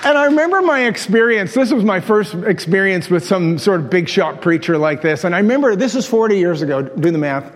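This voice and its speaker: A man's voice: sits high, expressive, a little fast, few pauses, a faint crowd. A man, preaching a sermon in a folksy, self-deprecating storytelling way, chuckling at his own stories. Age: 60s. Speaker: pastor. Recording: long reverb of a large church hall.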